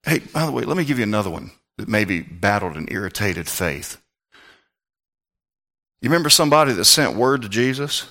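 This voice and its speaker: A male pastor preaching a sermon, swinging between loud, pleading passages and quiet, low asides. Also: very animated, a little fast.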